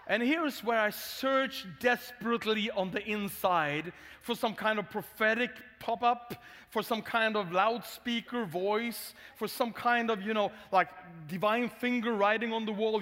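A man's voice: high voice, a little slow, pushed and bright. A man with a Swedish accent, a pastor telling a funny, candid story in a sermon. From Sweden. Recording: long hall reverb.

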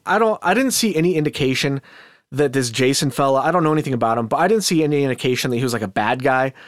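A man's voice: mid-range voice, dry recording, clean studio sound. A man hosting a casual commentary podcast, chatty and skeptical, talking with asides and restarts. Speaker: podcast host.

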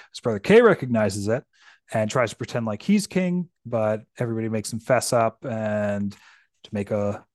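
A man's voice: lowish voice, darkish tone, no echo, clean studio sound. Chatty American man in a podcast. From United States. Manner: chatty, rambling, lots of restarts. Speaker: podcast host. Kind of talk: casual podcast discussion retelling a book.

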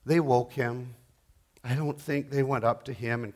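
A middle-aged man preaching a sermon, dramatic, swinging between loud bursts and hushed asides. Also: medium pitch, fairly even intonation, unhurried, long pauses.

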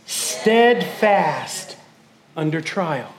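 A man preaching as pastor, emotional, calling his congregation family and swinging from hushed grief to shouted praise. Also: fairly high pitch, sing-song, drawn-out words, vocal fry, echoey room. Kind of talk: sermon. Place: church sanctuary.

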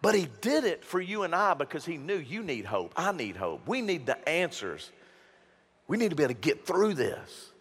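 Give me an emphatic pastor, preaching in a high, lively, swooping voice. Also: male voice, normal speed, breathy edge, long reverb tail. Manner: animated, emphatic, joking storyteller. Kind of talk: sermon.

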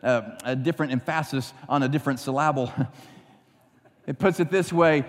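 A male pastor preaching a sermon, emphatic at times and quiet and earnest at others, ending in prayer. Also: mid-range voice, normal speed. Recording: long reverb.

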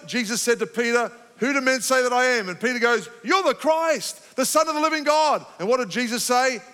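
Male pastor, high bright tense voice, fervent sermon delivery, big reverberant church sound. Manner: impassioned, rising to fervent emphasis then calming. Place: church sanctuary.

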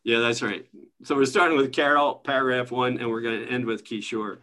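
A man leading an online spiritual study group, teaching in a relaxed, conversational way and chuckling often as he hands out readings over a video call. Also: medium pitch, fairly quick.

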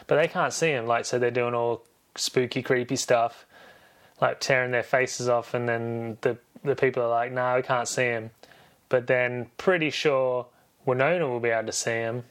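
A man's voice: mid-range voice, a bit bright. A man hosting a podcast, recapping a film in a rambling, jokey way and correcting himself as he goes. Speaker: podcast host.

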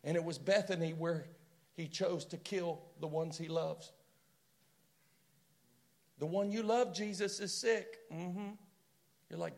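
A man preaching a sermon in a prayer room, passionate and conversational, swinging from loud to hushed. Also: fairly high pitch, measured pace, creaky, pauses often.

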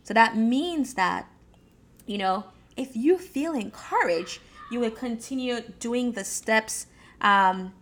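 A woman's voice: mid-range voice, fairly bright tone. A woman from Jamaica coaching her listeners on goals and budgeting in a loose, encouraging way. She stumbles and restarts, doubles words and leans on "um" and "you know" as she goes. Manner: repeats words, frequent fillers and restarts; encouraging, addresses listeners directly. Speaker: speaker giving advice on goal setting. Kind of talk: casual motivational talk.

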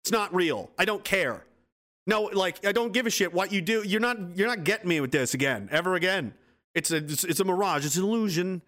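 A man's voice: high voice, lively intonation, fairly quick, fairly bright tone. A man in his twenties hosting a livestream, delivering an angry, profane, sarcastic political rant. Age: 20s. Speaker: livestream host.

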